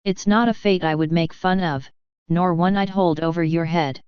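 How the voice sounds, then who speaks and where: A woman's voice: fairly low pitch, steady tone, normal speed, clear, resonant tone, dry recording, highs cut off, natural voice. A woman voicing a blunt, crude young swordswoman with a dry way of talking.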